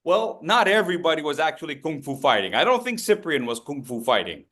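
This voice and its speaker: Animated man coaching a video-call workshop. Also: a little high, a little fast. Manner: animated, coaching participants by name, acts out gestures with silly voices. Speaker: public speaking workshop trainer. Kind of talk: interactive online workshop.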